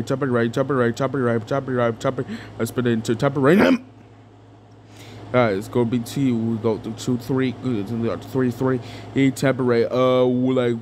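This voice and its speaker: A man's voice: medium pitch, a little mellow, slight background noise. A young man doing an improvised comedic fan dub, rambling and crude with lots of fillers. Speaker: fan dubber.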